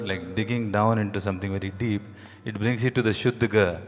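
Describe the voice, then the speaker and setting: A man with a lowish voice explains a raga hesitantly, stopping often on fillers. He is heard in a large hall with a long reverb, a guitar faint behind him. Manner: halting, many fillers, hums phrases.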